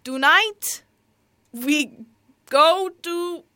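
A woman's voice: very high voice, extremely slow, pushed and bright, dry recording, voice pushed up, exaggerated voice. A woman doing an impression of a scheming male cartoon supervillain with a thick accent, making grand announcements. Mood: grandiose.

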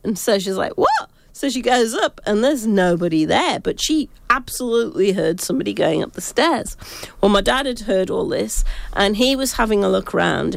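A woman with a gravelly, fry-laced voice chats about ghost sightings, often cutting herself off and starting over. She talks as a psychic, recorded close and dry. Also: medium pitch, no room sound. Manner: rambling, self-interrupting storytelling. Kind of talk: casual ghost-story chat.

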